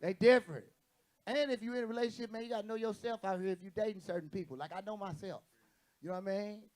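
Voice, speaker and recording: A man's voice: high voice, fast talker, a little mellow. A man doing a stand-up set on a comedy stage, brash and profane, acting out the people in his stories. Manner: brash, profane, acts out quoted voices. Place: comedy stage with live audience.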